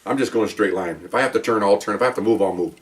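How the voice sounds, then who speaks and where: This man's voice sits lowish and races along, picked up from a distance. He's a cop recounting work stories in a casual monologue, driving his points home with emphasis and a frequent "okay?".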